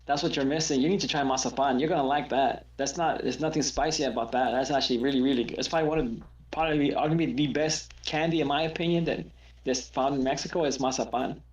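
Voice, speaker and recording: A man's voice: medium pitch, fairly even intonation, fast talker, echoey room, dull audio. A man chatting casually as co-host, laid-back, often repeating himself. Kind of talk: casual chat.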